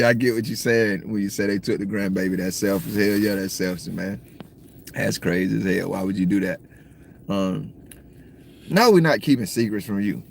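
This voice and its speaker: A man from the States, rambling through a casual livestream chat, slangy and cursing freely while he shouts out viewers. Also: lowish voice, creaky, a little hiss or hum. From Southern United States. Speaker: livestream host. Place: in a car at times.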